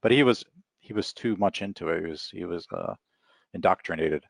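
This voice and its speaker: A middle-aged man speaking as an author guest in a relaxed, rambling interview chat. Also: low-pitched, fairly quick, vocal fry, no echo. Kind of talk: casual interview talk.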